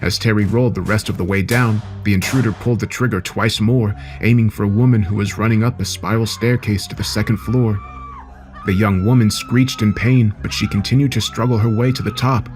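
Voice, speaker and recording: Low-voiced man narrating horror. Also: fairly even intonation, brisk, soft background music.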